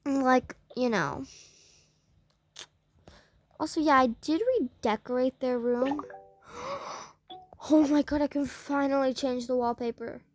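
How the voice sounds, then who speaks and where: A woman's voice: sits high, fairly even intonation, slow pace, pauses often, a little hiss or hum. A young woman giving casual, rambling commentary while playing a game, talking to the game and her viewers. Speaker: gameplay vlogger.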